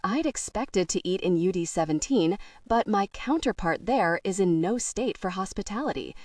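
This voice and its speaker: A woman voicing a deep-voiced, fretful middle-aged mother with a British accent touched by a South Asian lilt, brisk and scolding. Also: lively intonation, darkish tone, no echo, far from the mic, natural voice. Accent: British with a hint of South Asian. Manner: exasperated, scolding.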